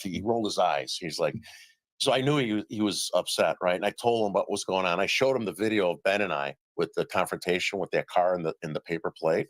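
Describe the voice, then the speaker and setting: A middle-aged man on a live stream telling stories about his reporting in a casual, animated way, acting out what others said. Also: lowish voice, fast talker, no room sound. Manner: animated storyteller, acts out quoted dialogue. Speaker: citizen journalist guest. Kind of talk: casual remote interview.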